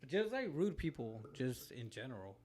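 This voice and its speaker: A man's voice: medium pitch, very animated, normal speed, darkish tone. Young male co-host, laid-back and rambling, casual profanity, filler-heavy chat.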